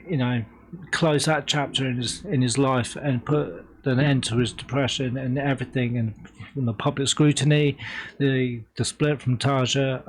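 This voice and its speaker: Man, reaction host, choked up; slow, halting delivery with lots of restarts. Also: mid-range voice, low-quality recording. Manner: halting, emotional, many restarts and fillers. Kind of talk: casual reaction commentary.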